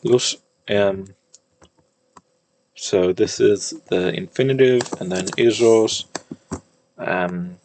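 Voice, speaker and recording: A man teaching an old language, thinking aloud, with many fillers and restarts and slow word-by-word reading. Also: on the low side, a little mellow, a little hiss or hum. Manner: reads old-language text slowly, word by word. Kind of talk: casual screen-share lesson.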